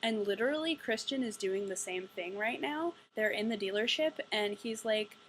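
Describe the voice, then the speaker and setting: A woman's voice: medium pitch, lively intonation, normal speed, fairly bright tone, slight background noise, rough recording. A young woman giving a casual ranting book review, exasperated, sarcastic and profane. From United States.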